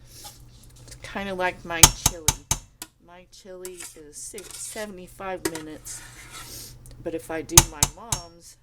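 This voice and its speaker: Stuffy-nosed woman, slow kitchen chat. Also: lowish voice, fairly even intonation, heavy background noise. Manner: slow, unhurried, rambling explanations. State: stuffy and congested. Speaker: home canning vlogger. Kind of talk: casual kitchen how-to chat. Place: home kitchen. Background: kitchen clatter of pots and utensils.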